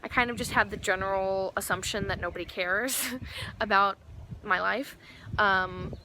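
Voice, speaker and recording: A woman's voice: mid-range voice, normal speed. A young woman from Texas telling a story in a casual vlog, chatty and full of filler words, her speech a little slurred from a numbed mouth. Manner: chatty, animated quotes, many "like" fillers. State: mouth numb, slightly slurred. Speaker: vlogger. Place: outdoors. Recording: outdoor traffic noise behind. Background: passing cars.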